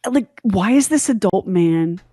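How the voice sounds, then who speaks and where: A middle-aged woman co-hosting a podcast, telling a story in candid, animated casual chat and acting out the quotes. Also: medium pitch, unhurried, husky, no echo, clean studio sound. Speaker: podcast co-host.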